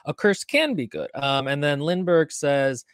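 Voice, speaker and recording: A woman's voice: low voice, lively intonation, measured pace, no echo, studio quality. A woman co-hosting a book podcast in casual chat, reading out viewer comments between her own remarks. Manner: reads out viewer comments, chatty with fillers.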